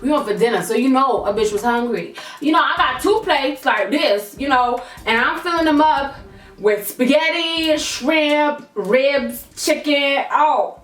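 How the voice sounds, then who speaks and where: Slangy animated young woman storyteller. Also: high-pitched, unhurried, roomy sound, distant mic. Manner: animated, slangy, swears freely. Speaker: vlogger. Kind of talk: storytime vlog.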